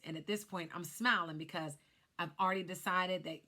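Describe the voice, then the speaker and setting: A woman's voice: on the low side, steady tone, brisk, pushed and bright. A woman who works as a life insurance agent, casually telling viewers her personal story in a chatty vlog. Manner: chatty, speaks straight to viewers.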